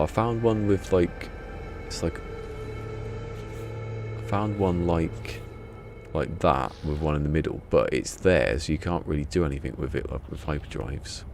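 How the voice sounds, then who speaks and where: A man with a very deep, gravelly voice rambles through a casual game stream, half talking to himself. Game music plays clearly behind him. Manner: rambling, muttering to himself, chuckling. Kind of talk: casual gameplay livestream chat.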